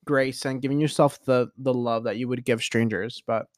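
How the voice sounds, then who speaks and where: Man, podcast host, rambling casual monologue, medium pitch, dry close sound. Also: moderate pace, no room sound. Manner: rambling, chatty, expressive.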